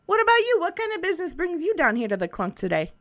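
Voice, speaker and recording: A cagey, friendly handyman drawls in a put-on Southern voice, as a woman plays him. He stumbles over his words in a folksy, roundabout way. The sound is close and dry, with a fairly high voice underneath. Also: wildly swooping pitch, quick pace, fairly bright tone, no room sound, full character voice. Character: shady folksy male handyman tinkerer, friendly but cagey.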